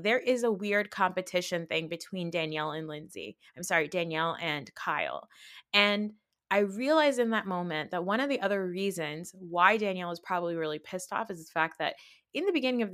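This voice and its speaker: A woman's voice: on the low side, brisk. A woman hosting a podcast, recapping reality TV in a casual, indignant rant full of "like" and rhetorical questions. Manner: indignant, animated ranting with frequent "like". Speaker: podcast host.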